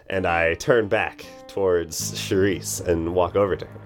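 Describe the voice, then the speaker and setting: A man playing a tabletop game, voicing his doctor character in a measured, stately way. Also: low voice, fairly even intonation, faint music behind. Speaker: player.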